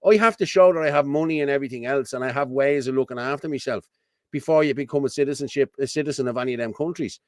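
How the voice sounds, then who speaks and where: A man's voice: a little high, no room sound, studio quality. An Irish man hosting an online commentary show, talking bluntly and rambling, repeating his points. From Ireland. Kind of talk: casual ranting commentary to camera.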